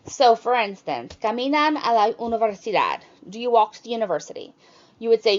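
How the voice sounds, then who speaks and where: A woman teaching a recorded Spanish grammar lesson, explaining step by step and lifting her pitch on the example questions. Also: animated, fairly quick, dull audio.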